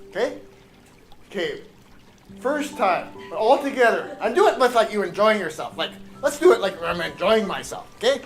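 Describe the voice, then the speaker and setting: A man, a spiritual teacher, giving a casual, rambling workshop talk to a live audience. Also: sits high. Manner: casual, rambling, with fillers and sudden shouted exercises.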